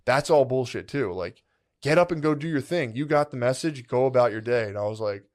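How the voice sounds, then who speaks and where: A man's voice: medium pitch, expressive, brisk, a little mellow. A man co-hosting a podcast, telling a long rambling story in casual chat, full of "like" and "dude" and acting out his own past thoughts. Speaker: podcast co-host.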